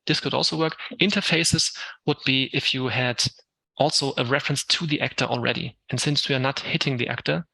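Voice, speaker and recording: A man with a German accent gives a live software lesson, walking through each step with plenty of ums. His voice is bright and forceful with a gravelly, fry-tinged edge. The sound is dry and close. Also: mid-range voice, steady tone, a little fast, no room sound, rough recording. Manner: explains step by step, many ums, answers questions. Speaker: Unreal Engine instructor. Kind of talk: live tech talk with Q&A.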